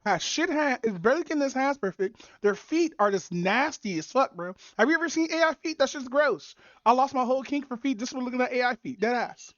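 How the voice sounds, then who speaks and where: A woman streamer talks loosely over videos she is reacting to, her voice sitting a little high. She swears freely and wanders between thoughts, filling gaps with ums and likes. The audio is dry, close and somewhat dull. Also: expressive, brisk, few pauses, no room sound. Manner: profane, rambling, many fillers. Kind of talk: casual reaction stream chat.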